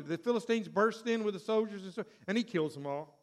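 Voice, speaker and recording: A male preacher delivering a dramatic sermon, swinging between hushed asides and loud emphasis. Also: high voice, expressive, brisk.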